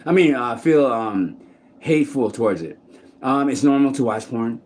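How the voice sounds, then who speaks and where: A man's voice: mid-range voice, lively intonation, normal speed, a little mellow. A man talking casually to the camera in a rambling, profane monologue full of restarts, recorded outdoors in a city park. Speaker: vlogger.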